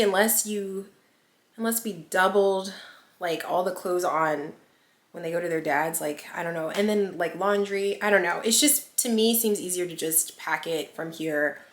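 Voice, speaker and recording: A woman in her thirties talks straight to camera as a mom vlogger. Her chat rambles, is full of little fillers, and slips into giggles, at an ordinary middle pitch. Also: moderate pace, fairly bright tone.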